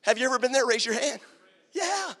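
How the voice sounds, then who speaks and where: A man preaching a sermon as pastor, swinging from quiet talk to shouted preaching. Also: very high voice, lively intonation, brisk, in a large hall, soft background music. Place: church sanctuary.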